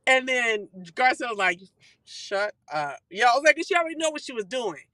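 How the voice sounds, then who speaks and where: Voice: high-pitched, no echo, poor audio. A live-stream host giving a casual, profane gossip recap while driving a car. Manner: animated, profane, quick-talking.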